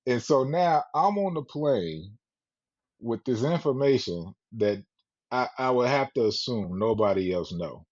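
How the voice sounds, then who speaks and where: A man co-hosting a podcast, telling a profane, animated story with lots of laughter. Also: mid-range voice, unhurried. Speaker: podcast co-host. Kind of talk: casual storytelling. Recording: dull lo-fi podcast audio.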